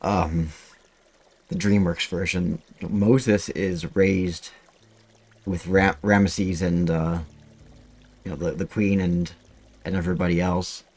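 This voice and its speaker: Low, husky-voiced male game streamer. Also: flat delivery, takes it slowly, pauses often, a little mellow. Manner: rambling, swears freely. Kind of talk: casual gameplay commentary.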